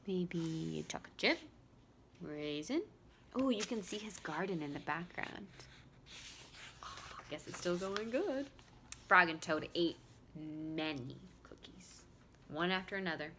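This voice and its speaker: Expressive woman reading to preschoolers. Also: lowish voice, slow pace, pauses often, noisy background. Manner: warm, expressive, talks to young children. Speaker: preschool teacher. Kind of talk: children's storybook reading. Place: at home.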